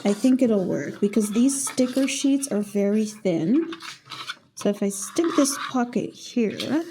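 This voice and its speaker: A young woman vlogging casually as she sets up a planner, chatty and playful, thinking out loud and exclaiming over small things. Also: medium pitch, animated, measured pace, noisy background. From Netherlands. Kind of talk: casual planner setup vlog.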